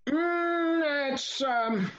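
A man in his seventies, an author guest, recalling his reading in a measured way with frequent "uh" pauses. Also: extremely high pitch, a bit bright. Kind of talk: casual interview chat. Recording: lo-fi, muffled sound.

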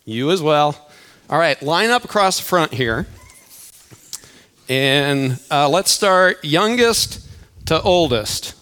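A man's voice: fairly high pitch, animated, takes it slowly, long pauses, pushed and bright. An older man, a church elder and grandfather, playfully talking to a church crowd and calling up kids for a game before his sermon. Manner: playful, chatty, addresses the crowd directly. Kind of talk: sermon opener with audience interaction. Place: church auditorium.

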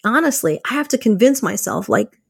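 A woman hosting a podcast, chatting casually about rest and faith, lively and laughing often as she acts out little quotes. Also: on the high side, fairly quick, gravelly, husky, no echo, studio quality. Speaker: podcast host. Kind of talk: casual faith-based self-care talk.

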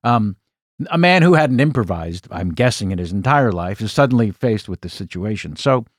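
A man in his sixties, a comedian guest, telling an anecdote in an animated way, with asides and self-corrections. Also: on the low side, moderate pace, no room sound, clean studio sound. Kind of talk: anecdotal storytelling in an interview.

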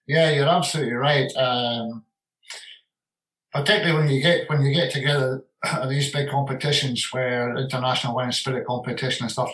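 Older whisky man, mid-pitched, loose and heartfelt interview talk. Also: rough recording. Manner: warm, rambling, repeats words for emphasis. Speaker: retiring distillery manager and whisky blender. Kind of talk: relaxed interview conversation.

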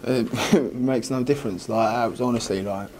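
Un jeune boxeur à l'britannique qui répond en interview d'après-combat sur un ton détendu et un brin moqueur, entre deux rires. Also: male voice, medium pitch, moderate pace, a little mellow. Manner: casual, laughs often, dismissive. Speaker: boxer. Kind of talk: post-fight interview.

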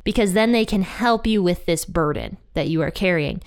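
A woman's voice: fairly low pitch, animated, normal speed. A woman doing a snarky all-powerful god. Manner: snarky, sarcastic.

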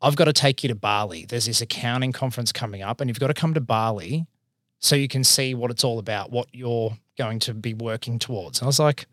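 An Australian man in his thirties, an accountant and business owner, telling his career story in a casual, animated way, acting out the voices he quotes. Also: mid-range voice, a little fast, dry recording, clean studio sound.

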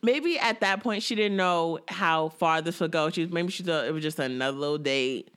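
A woman's voice: low-pitched, moderate pace, clear, resonant tone. A woman co-hosting a casual chat, recapping a reality show with lots of laughter and acted-out quotes. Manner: animated, laughing, acts out quotes.

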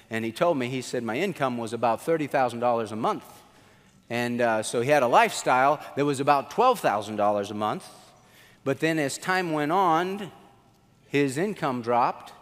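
A man pastor preaching a sermon, telling the story in an animated way and acting out the quotes. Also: big-room sound. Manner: animated storytelling, acts out quotes with swings in pitch.

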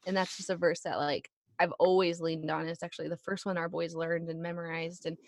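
A woman in her thirties, a podcast guest, telling a family story in a casual, animated way and acting out the voices of people she quotes. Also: lowish voice, a little fast, no echo, studio quality. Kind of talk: casual chat.

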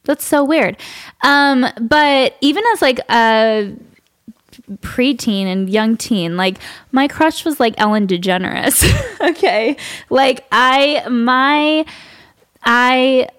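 A woman's voice: high-pitched, slow, fairly bright tone, clean tone, no echo, studio quality. A woman hosting a podcast interview, talking openly and confessionally with many "like" fillers. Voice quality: frequent "like" fillers, open and confessional. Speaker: podcast host. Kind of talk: candid conversational interview.

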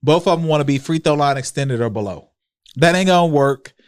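A high-pitched Houston man co-hosts a podcast, joking loudly and cutting in. His delivery is animated and opinionated. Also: fairly quick, clean tone. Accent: Houston, Texas. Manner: joking, animated, talks over others. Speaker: podcast co-host. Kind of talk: casual chat. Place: podcast studio.

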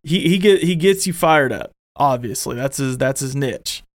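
A young man hosting a casual sports fan show, excitable and rambling, full of restarts. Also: medium pitch, normal speed, dry recording, clean studio sound. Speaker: podcast host.

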